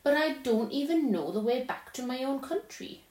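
A woman's voice: high-pitched, lively intonation, moderate pace, a little mellow, voice pushed up. A woman reading aloud and voicing a sulky, greedy young boy who talks in a sullen, pleading way. The recording has a roomy echo.

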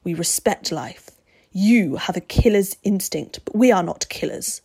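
A woman's voice: fairly low pitch, lively intonation, measured pace, darkish tone, husky, exaggerated voice. Woman doing a solemn, formal old vampire.

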